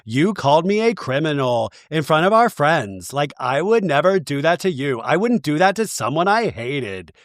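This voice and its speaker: A man's voice: on the high side, very animated, normal speed, hardly any pauses, no room sound. Dude doing an offended drama-queen lady, dry close sound. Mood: indignant. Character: indignant woman reality star, dramatic and defensive.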